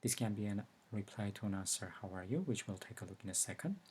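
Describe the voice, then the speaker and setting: A man giving a recorded language lesson, explaining slowly and carefully with example words. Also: on the low side, lively intonation, a little mellow, a little hiss or hum. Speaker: language teacher.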